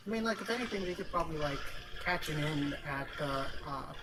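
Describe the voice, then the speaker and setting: Low-voiced woman player, casual. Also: expressive, brisk, fairly bright tone, soft background music. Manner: casual, hesitant, many fillers. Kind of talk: casual chat at a game table. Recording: noisy background.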